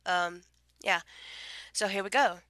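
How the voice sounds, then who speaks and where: A woman's voice: on the low side, takes it slowly, sharp tone, no room sound. A woman with a subtle Southern accent, getting over a cold, chatting casually to camera in a meandering way with many fillers while reading out a word list at home. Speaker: vlogger.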